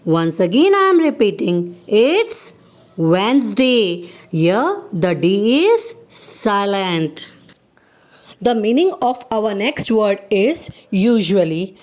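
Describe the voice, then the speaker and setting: A woman's voice: medium pitch, big pitch swings, slow pace, darkish tone. A woman teaching English pronunciation, repeating words and quizzing her viewers with questions. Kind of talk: pronunciation lesson.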